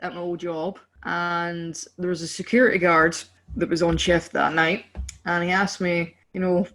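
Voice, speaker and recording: With a Scottish accent and a fairly bright but flat delivery, she talks at normal speed in a lowish register. She's a podcast co-host keeping the chat loose, heavy on fillers and self-mocking laughs.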